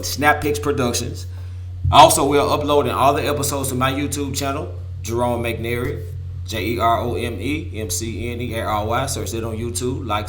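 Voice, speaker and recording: A man from Memphis, hosting a casual sports talk show, hoarse from losing his voice and trash-talking with bursts of laughter. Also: mid-range voice, a bit bright. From Memphis, Tennessee. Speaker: host.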